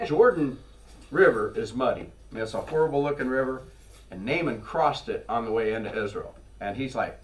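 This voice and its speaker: A man preaching a sermon in a church, telling scripture stories in a lively way and acting out the characters. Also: mid-range voice, moderate pace. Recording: voice from far off the mic.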